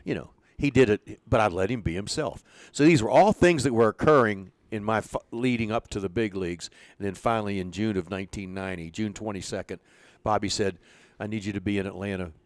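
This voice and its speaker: An older man, a former pitching coach appearing as an interview guest, tells baseball stories in a lowish voice at a fairly quick clip with no room sound. He's an animated storyteller who acts out the quoted dialogue.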